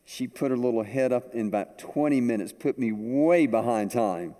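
An older man preaching a sermon as pastor, telling homey anecdotes in a slow, deliberate way. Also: mid-range voice, mellow, big-room sound. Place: large auditorium.

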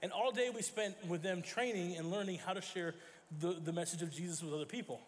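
Speaking fast in a high voice, a pastor fills a church sanctuary with a big-room sound. He tells stories in his sermon, voicing the people he quotes and correcting himself as he goes.

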